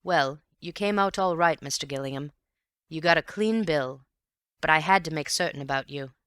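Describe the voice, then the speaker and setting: A woman doing a brisk police inspector. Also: deep voice, fairly bright tone, smooth, no room sound.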